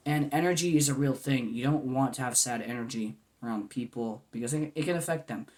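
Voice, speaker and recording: A man's voice: mid-range voice, brisk, a little mellow. A man in his twenties talking to camera in a goofy yet earnest, rambling way, full of "man" and "you know". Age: 20s. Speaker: vlogger. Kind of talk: casual heartfelt monologue.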